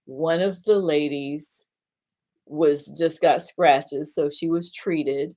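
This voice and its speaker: A woman minister giving an earnest teaching talk about caregiving and telling a story, often repeating words and restarting sentences, slowing down to stress points. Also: deep voice, darkish tone.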